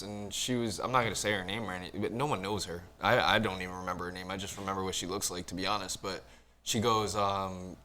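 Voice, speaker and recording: Animated, profane man telling stories. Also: low voice, fast. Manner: animated, profane storytelling with acted-out quotes. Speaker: podcast guest, cook. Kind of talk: casual storytelling chat.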